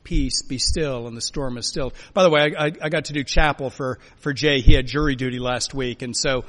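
A man preaching a sermon as a pastor, emphatic, swinging between loud urging and quiet, soft lines. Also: mid-range voice, quick pace. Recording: long hall reverb.

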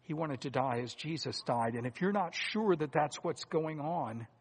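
Male preacher with a slightly raised voice, earnest and deliberate, loud emphasis and hushed asides, in a church hall with a long echo. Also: fairly high pitch, slightly rough. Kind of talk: sermon.

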